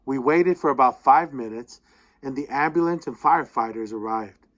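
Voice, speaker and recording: Man, reading an essay aloud, expressive storyteller, medium-pitched voice, slows for drama. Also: dull audio. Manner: expressive storytelling, slowing down at tense moments. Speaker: reader of a student's essay.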